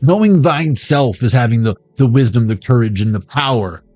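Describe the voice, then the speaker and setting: A man's voice: medium pitch, lively intonation, moderate pace, darkish tone, dry recording. A man giving a rambling, playful pick-a-card tarot reading, riffing from joke to joke. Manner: playful, riffing, jumps between jokes and impressions.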